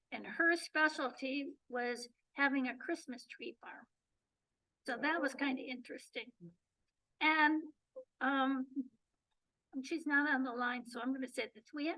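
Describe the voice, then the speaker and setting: A high-pitched woman from the Detroit area presents to her club in an unhurried, chatty way, full of ums and restarts. Her voice is bright but going hoarse, and it is picked up from across a meeting room. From Detroit area, Michigan. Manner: chatty, many fillers and restarts. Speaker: presenter and journey coordinator. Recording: voice picked up from a distance.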